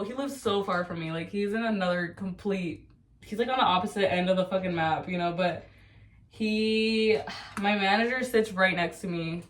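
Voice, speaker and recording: A woman's voice: mid-range voice, far from the mic. A woman in her twenties rambling casually at home, chatty and slangy with a lot of swearing. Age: 20s. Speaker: vlogger. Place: at home while cutting her hair.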